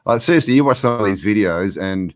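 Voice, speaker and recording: A man's voice: fairly low pitch, lively intonation, brisk. A man hosting a casual livestream chat, rambling and emphatic, filling his talk with "you know". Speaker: host.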